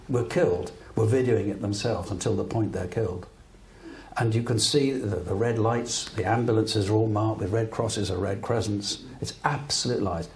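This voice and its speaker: Before an audience at a talk venue, an older man from Britain tells stories with earnest emphasis as a guest broadcaster in a live public interview. His voice is lowish and darkish, with slight background noise.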